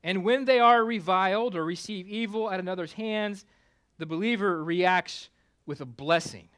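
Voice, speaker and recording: A male pastor preaching a conversational sermon with self-deprecating humor, climbing louder for emphasis and dropping low for asides. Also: moderate pace, clear, resonant tone. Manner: rises in pitch and volume for emphasis, drops low for asides.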